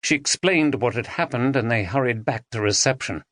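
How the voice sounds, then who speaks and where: A man narrating an audiobook thriller, expressive and dramatic, on a close studio mic. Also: medium pitch, fairly quick, dry recording. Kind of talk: scripted narration.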